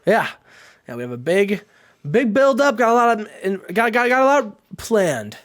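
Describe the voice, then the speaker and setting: A man's voice: sits high, very animated, normal speed, a bit bright. A man hosting a casual let's-play, rambling as he tells a game story and laughing often. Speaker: host.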